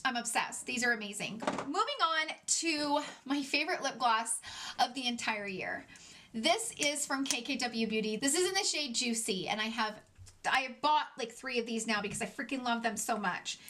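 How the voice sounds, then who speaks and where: A woman beauty vlogger chatting excitedly through a casual product review, gushing and chatty. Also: fairly high pitch, normal speed.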